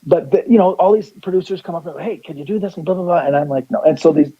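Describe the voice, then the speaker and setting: A man's voice: on the high side, fast, dull audio. A man guesting as a psychic on a radio show, telling a rambling story and acting out the lines of the people in it. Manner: rambling, restarts sentences, acts out quotes.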